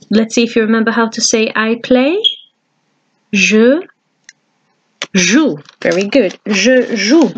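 A woman teaching a French lesson for families, patiently repeating each phrase and encouraging the listener. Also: mid-range voice. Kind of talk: slow, patient language lesson for children and parents. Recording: steady background hiss.

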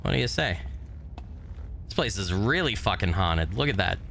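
A man casually commentating his game on a live stream, greeting viewers by name and swearing offhandedly, his voice a little hoarse from recovering. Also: deep voice, animated, normal speed, a bit bright, a little hiss or hum. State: voice still recovering, slightly hoarse. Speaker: gaming streamer.

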